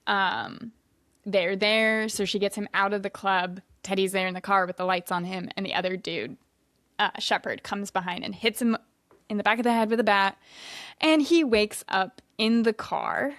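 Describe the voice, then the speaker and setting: A woman's voice: medium pitch, fairly even intonation, a bit bright, dry recording. Podcast co-host, woman; easygoing, agreeable, dry close-mic. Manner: agreeable, chimes in with quick affirmations. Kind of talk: casual movie recap chat.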